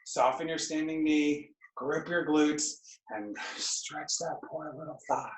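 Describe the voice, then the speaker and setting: A woman leading a fitness class over a video call, counting reps and calling out cues in an unhurried way. Her voice carries the echo of a bare room at home. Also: sits low, level tone. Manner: brisk counting and cueing, playful asides. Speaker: fitness instructor. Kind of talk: live online exercise class. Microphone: computer mic on a video call. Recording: echoey room.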